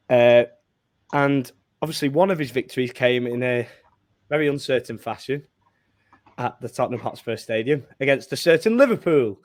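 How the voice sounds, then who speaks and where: A man hosting a football podcast in a chatty, casual way, laughing between phrases. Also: mid-range voice. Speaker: podcast host.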